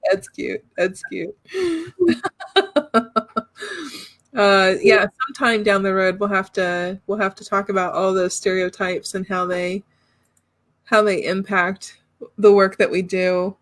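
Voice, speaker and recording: Laughing host with a dry close sound. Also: female voice, mid-range voice, slow pace, long pauses, a bit bright, dry recording. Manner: laughs often, playful. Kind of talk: casual chat.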